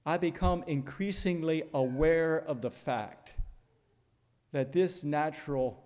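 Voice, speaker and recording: An older man preaching a sermon in a measured, earnest way, pausing deliberately and reading scripture aloud. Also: a little high, darkish tone, in a large hall.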